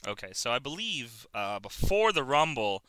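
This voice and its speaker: A man's voice: medium pitch, sing-song, moderate pace, fairly bright tone. A man co-hosting a podcast, telling a story in casual chat, laughing often and swearing. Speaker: podcast co-host.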